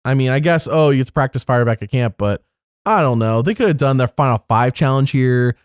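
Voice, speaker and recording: A man's voice: a little fast, smooth, no room sound. Young adult male co-host, rambling recap chatter, mid-range voice, dry close mic. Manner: chatty, rambling, jumps up in pitch for emphasis. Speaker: podcast co-host. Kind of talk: casual recap chat.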